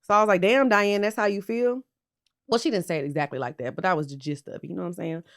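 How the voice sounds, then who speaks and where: A woman's voice: fairly low pitch, steady tone, fast talker. A tipsy woman hosting a casual pop culture gossip show, talking bluntly and sassily to her viewers and swearing freely. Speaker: pop culture commentary host.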